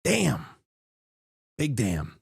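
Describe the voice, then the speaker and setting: A man's voice: mid-range voice, wildly swooping pitch, extremely slow, vocal fry, slightly rough, no room sound, studio quality. A man hosting a casual call-in talk show, rambling with frequent restarts and chuckles. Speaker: radio call-in host.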